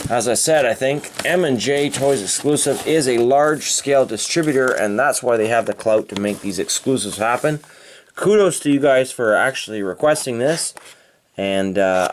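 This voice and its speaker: A man's voice: medium pitch, slight background noise. A man from Canada narrating an unboxing of die-cast toy cars with enthusiastic, playful exclamations. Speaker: toy car reviewer.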